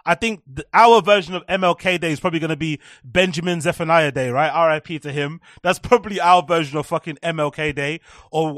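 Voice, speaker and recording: A man's voice: fairly high pitch, fairly bright tone, no room sound, clean studio sound. A young man hosting a live stream, ranting sarcastically with lots of swearing and repetition. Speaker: live-stream commentary host. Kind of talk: profane ranting commentary.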